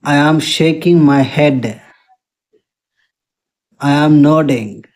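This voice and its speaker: A spoken English teacher reads a vocabulary drill at a very unhurried pace. Each short sentence comes out evenly, one at a time, with neither high nor low pitch. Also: a little mellow.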